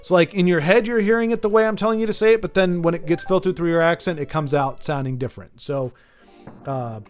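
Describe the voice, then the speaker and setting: An American man with a fairly high voice talks fast while hosting a casual livestream. He rambles, jokes, and addresses his viewers by name over faint game music.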